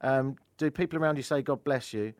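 A man's voice: medium pitch, fairly quick, no echo. A man in his thirties hosting a casual radio chat in a studio, joking and telling wry stories. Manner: joking, wry, animated storyteller. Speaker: radio show host. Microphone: studio microphone.

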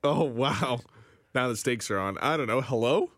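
A man's voice: medium pitch, normal speed, a bit bright, dry recording. A man, the show's producer, answering the host in a hesitant, playful way in a radio studio.

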